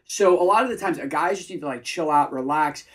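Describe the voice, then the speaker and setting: A man, a dating coach, giving energetic advice in a casual conversation. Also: a little high, a little fast. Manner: energetic, acts out example voices.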